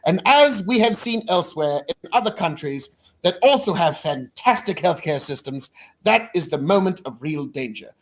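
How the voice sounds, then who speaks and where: A man doing an impression of a British male politician giving a grave national address, speaking in a put-on British accent with a solemn, measured delivery. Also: high-pitched, animated. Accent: British English, put on. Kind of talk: impression of a speech.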